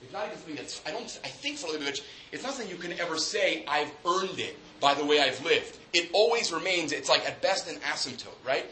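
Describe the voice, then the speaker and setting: A man's voice: fairly high pitch, lively intonation, quick pace, hardly any pauses, pushed and bright, slight background noise. A man giving an academic lecture to a class. He thinks aloud, often restarts his sentences and checks in with tag questions. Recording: echoey room with faint ambience.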